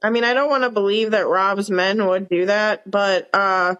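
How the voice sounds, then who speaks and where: A woman's voice: mid-range voice, fairly even intonation, normal speed, a bit bright, clean tone, muffled recording. A woman co-hosting a podcast, thinking aloud in an easygoing way as she talks through a TV episode. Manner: easygoing, reasoning things out aloud with fillers. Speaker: podcast co-host. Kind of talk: casual chat recapping a TV episode.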